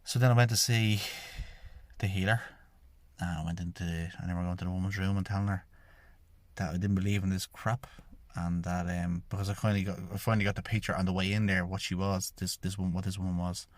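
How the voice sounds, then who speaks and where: Low-voiced Irish man telling his story. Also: level tone, fast, no room sound. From Ireland. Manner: rambling, repeats "I says" while retelling dialogue. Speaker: podcast host, shamanic healer. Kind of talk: personal storytelling monologue.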